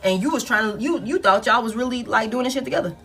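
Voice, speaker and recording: At a home setup with soft music behind her, a tarot reader talks fast in a fairly high, slightly bright voice. She keeps it casual and blunt, cursing frequently and hammering points home by repeating phrases.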